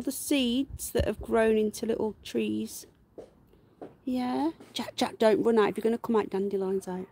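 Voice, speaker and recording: A woman hosting a casual livestream, unwell with her voice going, chatting to viewers and cooing at her pets in a high, slow baby voice. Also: steady tone, dark tone, husky. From United Kingdom. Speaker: livestream host. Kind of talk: casual live-stream chat. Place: garden outdoors.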